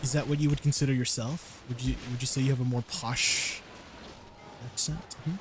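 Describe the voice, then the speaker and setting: A young man with a mid-range voice and fairly even intonation chats casually with his viewers at a moderate pace while gaming on a live stream, laughing often between questions. Faint background noise is audible.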